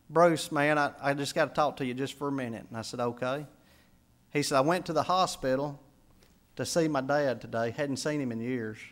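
A man, a pastor preaching a sermon, telling a story and building to emphatic peaks before dropping soft. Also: a little high.

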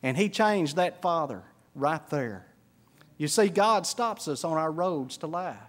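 A middle-aged man preaching a sermon, telling stories and swinging from hushed to shouting. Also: a little high, expressive, measured pace. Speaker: pastor.

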